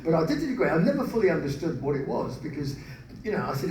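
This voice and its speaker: A spoken word performer delivers self-mocking comic tales at a large live venue, sometimes launching into song. He talks fast in a fairly high, sing-song, slightly mellow voice. The hall is echoey, the mic distant, and background noise is present.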